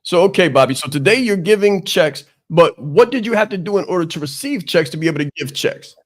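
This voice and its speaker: A man's voice: high voice, animated, a little fast. A man hosting a business podcast as a coach, giving an emphatic motivational talk and repeating his key phrases.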